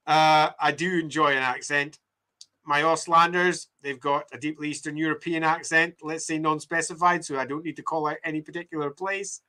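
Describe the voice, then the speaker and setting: A middle-aged Scottish man talks through his work in a relaxed, self-deprecating way, answering viewers as he goes. His voice is bright and sits a little high for a man, and he laughs easily at his own expense. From Scotland. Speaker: game writer and streamer. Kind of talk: casual talk while mapping, reading viewer comments.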